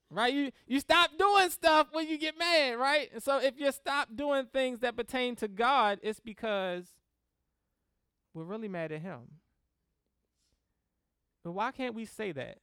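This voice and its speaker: Animated woman teaching, crisp and dry. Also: a little high, no echo. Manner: animated, laughs often, acts out prayers in quotes; checks in with "right?" and "okay?". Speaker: Christian teacher on grief and comfort. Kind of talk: conversational teaching talk to a class.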